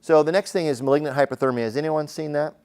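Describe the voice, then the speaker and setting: Male emergency medicine teacher, smooth tone, chatty classroom lecture full of fillers. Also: fairly high pitch, quick pace, darkish tone. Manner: conversational, questions the class, frequent fillers.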